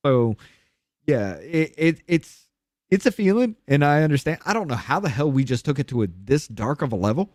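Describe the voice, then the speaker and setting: A man guest on a podcast candidly telling a hard personal story, blunt and profane, his voice dropping low and quiet on the painful parts. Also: big pitch swings, moderate pace, no room sound, clean studio sound.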